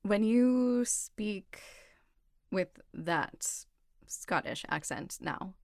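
A woman's voice: mid-range voice, expressive, drawn-out words, gravelly, a little mellow, no room sound, studio quality. A woman interviewing a guest, supportive and asking questions in a casual way. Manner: supportive, asks questions with many "like" fillers.

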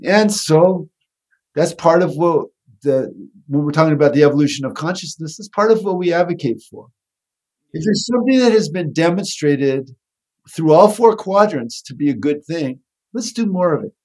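A man talks through his ideas in an easy conversation, and his voice is somewhat husky and sits a little high. He circles back and restarts phrases as he thinks. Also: animated, normal speed, a little mellow. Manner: thoughtful, with frequent restarts. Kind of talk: conversational explanation.

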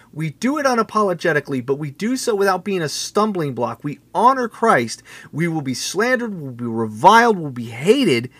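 A man teaching on a Bible passage in a preaching style, emphatic and repetitive, building his points to a forceful pitch. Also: dry recording. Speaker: pastor.

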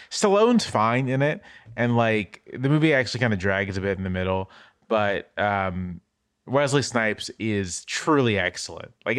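A man's voice: lowish voice, no room sound, studio quality. A man appearing as a guest on a film podcast, talking casually and enthusiastically, with lots of fillers.

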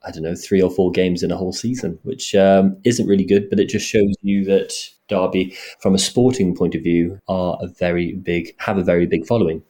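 A man's voice: low-pitched, steady tone, a little fast, few pauses, warm tone. A man co-hosting a casual podcast who talks hesitantly, with many restarts and filler sounds. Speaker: podcast co-host.

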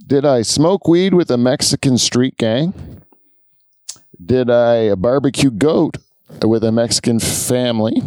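A man's voice: mid-range voice, a little mellow, dry recording, studio quality. A man hosting a podcast, telling rambling stories in casual chat, with lots of fillers and laughs. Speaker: podcast host.

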